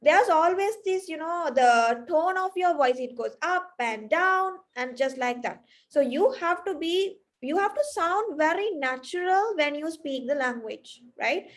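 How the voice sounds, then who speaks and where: A woman's voice: sits high, lively intonation, measured pace, hardly any pauses. A woman from Sri Lanka with a Sri Lankan accent, a native Sinhala speaker, teaching an online spoken English class and explaining step by step, often checking in with "right?". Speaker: English tutor.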